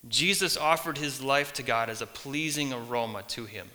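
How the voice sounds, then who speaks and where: A man preaching a sermon as a pastor, earnest and emphatic, building points through long lists and pauses. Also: medium pitch, pushed and bright. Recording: long reverb of a hall.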